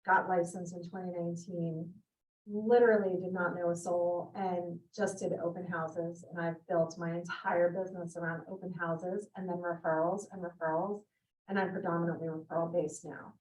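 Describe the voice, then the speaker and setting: A woman's voice: lowish voice, little pitch movement, moderate pace, darkish tone, slight background noise. A woman real estate agent sharing advice at a team meeting, emphatic and direct, repeating her points. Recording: echoey room, voice from far off.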